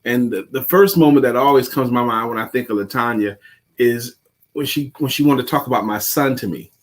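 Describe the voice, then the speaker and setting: A man co-hosting a casual livestream talk show. He works as a coach and explains his points in a measured, teacher-like way. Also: medium pitch. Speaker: co-host and coach.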